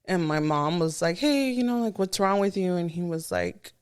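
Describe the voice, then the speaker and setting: A young woman co-hosting a podcast, telling stories in casual chat, animated and often laughing. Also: lowish voice, moderate pace, clear, resonant tone. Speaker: podcast co-host.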